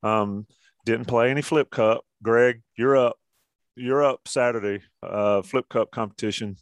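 A man's voice: mid-range voice, fairly even intonation, unhurried, no room sound. Dry-voiced joking male sports host. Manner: joking, steers the talk. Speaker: podcast host. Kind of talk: casual sports chat.

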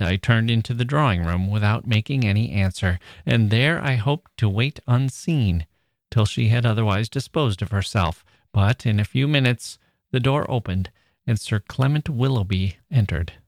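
A man's voice: on the low side, no room sound, clean studio sound. Man reading a classic novel aloud. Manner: measured, expressive reading. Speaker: podcast host.

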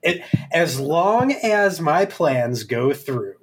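A man's voice: a little high, very animated, extremely slow, background noise. A man co-hosting a podcast in casual chat, easygoing and laughing. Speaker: podcast co-host.

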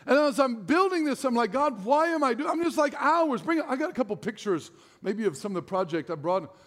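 A man's voice: extremely high pitch, big pitch swings, brisk, a bit bright. A middle-aged man preaching a sermon as pastor, telling stories in a self-deprecating way and laughing often. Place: large church hall. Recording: long hall reverb.

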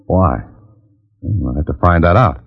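A wisecracking radio hero, very low voice, dry jokes, dull old radio sound. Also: male voice, animated, normal speed, creaky, soft background music, exaggerated voice. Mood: confident. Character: wisecracking male adventurer, narrator and hero. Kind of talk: 1940s radio acting.

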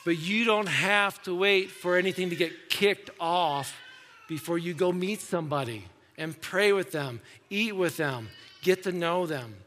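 A man's voice: sits high, unhurried, fairly bright tone, a little hiss or hum. A man preaching a sermon as pastor, talking to the congregation in a conversational way and acting out the voices he quotes. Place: church sanctuary. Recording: echoey church hall.

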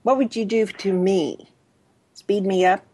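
A woman's voice: medium pitch, fairly even intonation, a little slow, a little mellow, husky. A woman from Texas with a Texan accent who drawls her words as she asks an interview guest questions.

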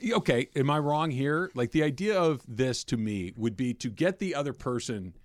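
A man's voice: medium pitch, lively intonation, no echo. Male radio host, mid-range voice, chatty and joking, dry booth. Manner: chatty, jokey, quick asides. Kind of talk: casual radio talk. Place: radio studio. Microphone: studio microphone.

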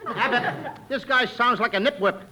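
A high, whiny, excitable comic. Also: male voice, moderate pace. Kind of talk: 1940s radio comedy acting. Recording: hissy vintage radio recording.

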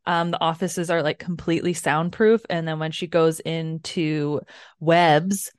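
Lively swearing woman recapping a book. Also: sits low, a little slow, smooth, no echo. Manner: animated, swears freely while recapping. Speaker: podcast co-host. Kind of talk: casual book club chat.

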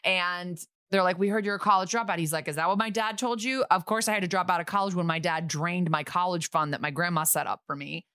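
A woman co-hosting a podcast, recapping a TV episode in casual chat with sarcastic, quick asides. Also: lowish voice, steady tone, pushed and bright, dry recording, clean studio sound.

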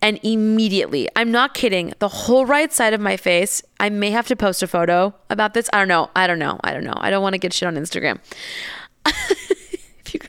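A woman's voice: mid-range voice, a little fast, a bit bright, clear, resonant tone, dry recording, studio quality. A young woman telling a candid story in a casual, chatty way, swearing and laughing as she goes.

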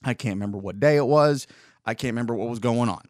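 A man's voice: medium pitch, fast talker, darkish tone, no room sound, studio quality. A man, rambling through an opinionated casual monologue as a podcast host. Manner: rambling, opinionated, with frequent restarts.

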